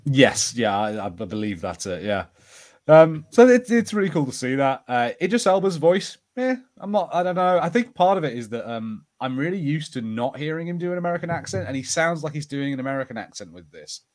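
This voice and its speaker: A man's voice: a little high, sing-song, brisk, a little mellow. A man co-hosting a podcast, chatting casually with frequent laughs and hesitant ums. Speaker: podcast co-host.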